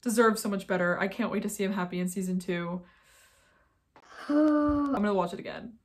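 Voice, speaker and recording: A woman's voice: medium pitch, moderate pace. A young woman talking casually and thoughtfully in a reaction vlog, with many fillers. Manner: soft-spoken, musing, filler-heavy. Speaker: vlogger reacting to videos.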